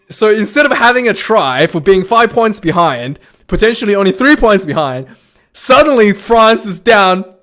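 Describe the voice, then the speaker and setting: A man's voice: high voice, a bit bright. A man giving a casual, rambling recap of a rugby match as a fan reviewer, full of restarts and fillers. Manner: rambling, many restarts and fillers, laughs while retelling.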